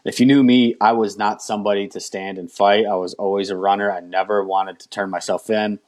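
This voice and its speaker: Interview guest, man, lowish voice, candid storyteller who slips into his own past lines. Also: fairly even intonation, brisk, hardly any pauses, a little mellow. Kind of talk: personal testimony.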